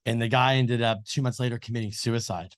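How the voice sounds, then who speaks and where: A man with a middle-pitched voice, co-hosting a casual interview show. He rambles along, stacking up fillers and acting out what other people said. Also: steady tone, a little fast. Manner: rambling storyteller with many fillers and retold dialogue. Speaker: co-host.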